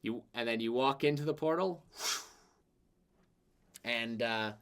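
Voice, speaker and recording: A man's voice: medium pitch, slow, smooth. A man narrating a tabletop game as game master in a rambling way, full of filler words.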